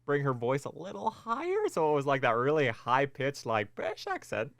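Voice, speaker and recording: Smooth, dry-voiced relaxed man. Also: mid-range voice, moderate pace, dry recording. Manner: relaxed, rambling with many ums. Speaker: podcast co-host. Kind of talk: casual chat.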